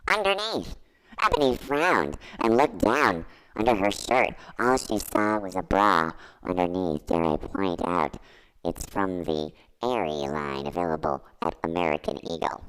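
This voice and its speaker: A man's voice: low-pitched, measured pace, a bit bright, clear, resonant tone, low-quality recording. A man giving a comedic dramatic reading, mock-earnest with wry asides. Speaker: guest reader.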